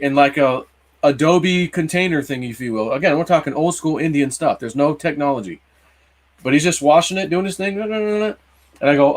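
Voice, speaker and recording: A man's voice: fairly high pitch, fairly quick. A man in his early forties casually telling a long personal story on a livestream, rambling, with many fillers and restarts. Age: 40s. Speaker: livestream co-host.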